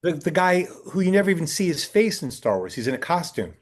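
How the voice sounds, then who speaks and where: Man telling lively showbiz anecdotes. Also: on the high side, fast. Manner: animated anecdotal storytelling. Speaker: talent agent, interview guest. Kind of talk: casual interview.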